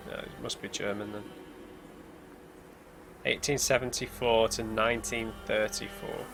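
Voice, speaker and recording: Slow, flat, and frequently pausing, a mid-range male voice provides blind let's play commentary, reasoning aloud about clues as he explores a story game. Asides are muttered over eerie game music and hymns, and the background is noisy.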